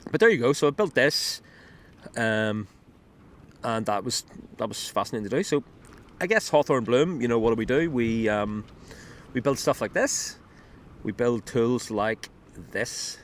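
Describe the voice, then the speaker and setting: A man's voice: mid-range voice, animated, a little slow, pauses often, slight background noise. A man casually demoing an app he built, rambling with many ums and restarts, recorded outdoors on a beach with a clip-on mic. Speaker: app builder demoing his work. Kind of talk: casual screen demo talk. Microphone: wireless clip-on mic.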